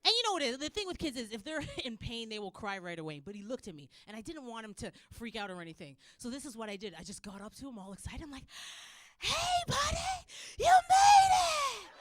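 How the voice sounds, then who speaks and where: A woman from Canada in her thirties doing a stand-up set, acting out her kids and herself in loud, high voices. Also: lively intonation, quick pace, hardly any pauses, no room sound, clean studio sound. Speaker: stand-up comedian. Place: comedy club stage.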